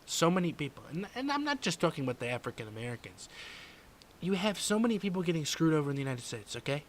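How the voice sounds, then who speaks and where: A man's voice: fairly high pitch, sing-song, fast, a little hiss or hum. A man doing a rambling, boastful older politician. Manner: rambling, repetitive, trails off quietly on "folks" and "okay". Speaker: podcast host doing an impression. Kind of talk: comedic political impression monologue.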